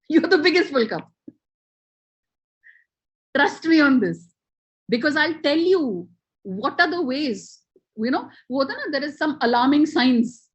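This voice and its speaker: Woman, motivational trainer on a video call, husky, muffled line. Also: high-pitched. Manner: storytelling, mixes Hindi phrases. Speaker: network marketing trainer.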